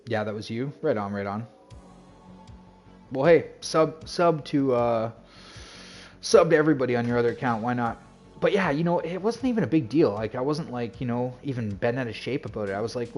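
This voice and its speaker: A man's voice: mid-range voice, brisk, a little mellow, soft background music. A man streaming a game, chatting casually to his viewers, rambling with lots of fillers and acting out what people said to him. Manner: rambling, filler-heavy, acts out quoted dialogue. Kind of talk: casual chat storytelling to stream chat.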